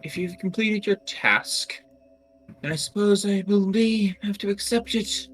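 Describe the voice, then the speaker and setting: A man's voice: high voice, a little slow, fairly bright tone, faint music behind. A man voicing a haughty male lord who speaks curtly and condescendingly. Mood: dismissive. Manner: curt, condescending.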